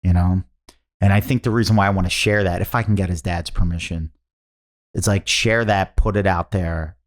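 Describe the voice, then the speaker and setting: A man's voice: low-pitched, steady tone, normal speed. A man who does stand-up, telling a rambling story as a podcast guest and breaking into laughter as he goes. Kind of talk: casual storytelling.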